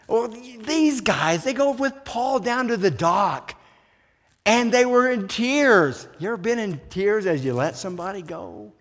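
Pastor preaching in a reverberant hall. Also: male voice, high voice, moderate pace. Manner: animated storytelling with questions to the congregation. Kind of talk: sermon. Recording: long church hall reverb.

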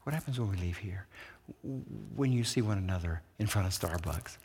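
Pastor preaching in a reverberant hall. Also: male voice, sits low, a little fast, husky. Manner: animated storytelling with questions to the congregation. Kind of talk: sermon. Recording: long church hall reverb.

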